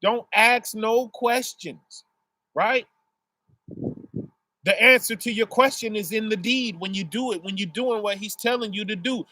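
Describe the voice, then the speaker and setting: An unhurried man with a fairly high, sharp-toned voice preaches casually in the street, drawing on family life to explain his points. He checks in with "right?" after almost every phrase, recorded dry and up close.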